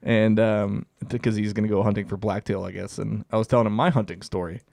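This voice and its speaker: A man's voice: fairly low pitch, steady tone, fast, vocal fry, darkish tone, dry recording, studio quality. A young man co-hosting a comedy podcast, telling a rambling, profane hunting story. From Canada. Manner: profane, rambling, laughs through stories. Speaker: podcast co-host. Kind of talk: casual storytelling.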